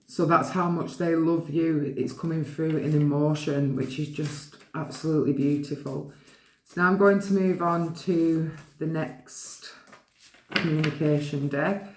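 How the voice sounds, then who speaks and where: A woman giving a pick-a-card reading, gently and affectionately reading the card messages aloud to her viewers. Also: low-pitched, fairly even intonation, a little slow, echoey room. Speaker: tarot card reader.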